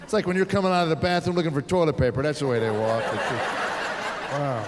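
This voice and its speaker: Noise fills the background as a middle-aged American comic works a theater crowd with weary, sarcastic stories about his children. His voice is on the high side with fairly even intonation and a fairly quick delivery, captured in a live recording with hall reverb.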